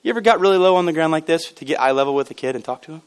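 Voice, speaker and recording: A man in his thirties preaches to a congregation with a high-pitched voice. He swings from loud, excited bursts down to hushed, low asides. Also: rapid-fire, smooth. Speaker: pastor. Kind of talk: sermon. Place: church sanctuary.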